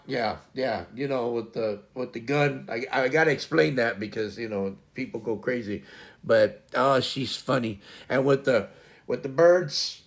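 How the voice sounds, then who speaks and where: A man's voice: mid-range voice, gravelly. A middle-aged man, hosting a casual live stream and rambling with lots of repeated words and fillers. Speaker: livestream host. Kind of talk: casual chat to stream viewers.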